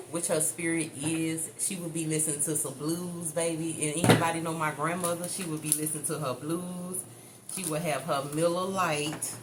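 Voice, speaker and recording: A woman giving a chatty, blunt tarot reading, swearing freely and calling her listeners baby and honey. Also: sits low. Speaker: tarot reader. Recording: echoey room with faint ambient noise.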